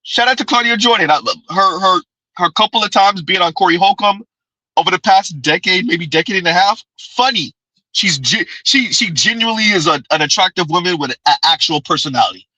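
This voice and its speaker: A man talks straight to his audience in casual commentary, emphatic and repetitive, hammering his points home. His voice is bright and forceful, recorded close and dry, with no room sound around it. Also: high-pitched, expressive, brisk, dry recording, rough recording. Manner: emphatic, conversational, repeats key phrases. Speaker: commentary channel host. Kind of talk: casual commentary reacting to clips.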